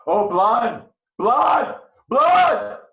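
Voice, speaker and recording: A man's voice: medium pitch, a little slow, roomy sound, highs cut off, close to an everyday voice. A man playing raging jealous Othello. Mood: jealous rage. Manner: swings between hushed brooding and raging outbursts. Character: jealous male general Othello, passionate and vengeful. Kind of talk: amateur Shakespeare reading.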